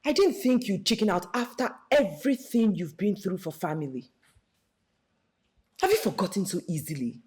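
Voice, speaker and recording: Taunting Nigerian young woman, acted by a woman, sneering, lively delivery. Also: mid-range voice, normal speed, close to an everyday voice. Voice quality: sneering, mixes English and Pidgin.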